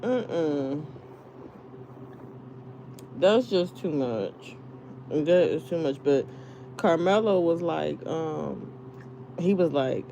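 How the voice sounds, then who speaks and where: A woman's voice: low voice, expressive, takes it slowly, gravelly, long pauses, warm tone, lo-fi sound, slight background noise. A woman venting casually to her viewers, rambling, swearing and laughing as she tells stories. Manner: profane, laughing, rambling storytelling. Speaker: live streamer.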